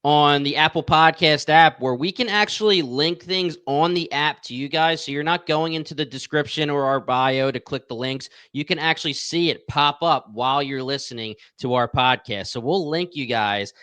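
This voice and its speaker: A man hosting a TV review podcast with a smooth, resonant voice. He talks with energy and turns to his listeners to plug episodes. The sound is dry and close. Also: fairly high pitch, normal speed, hardly any pauses, sharp tone, no echo. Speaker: podcast host. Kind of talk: casual podcast chat.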